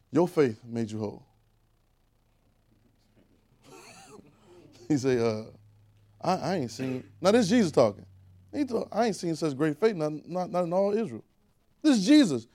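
A man preaching a conversational sermon, repeating phrases and rising to shouted calls. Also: on the high side.

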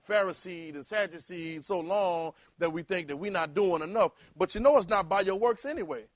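A man preaches a sermon, calling on the congregation to repeat after him. His voice sits a little high, and it swells to loud exhortation. The sound is close and dry, with no room echo. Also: moderate pace. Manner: call-and-response preaching, rising to loud exhortation.

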